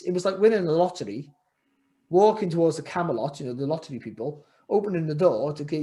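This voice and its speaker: A man's voice: a little high, animated, fast, mellow. A middle-aged man, a former boxer, telling his story in a podcast interview, rambling and restarting his sentences as he reflects. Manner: rambling, repeats words and restarts often, reflective. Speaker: guest, former world champion boxer.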